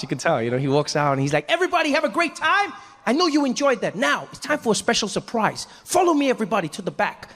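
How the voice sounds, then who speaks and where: A male stand-up comedian telling a story on stage in an animated, self-mocking way. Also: on the high side, big-room sound. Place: stage before a live audience.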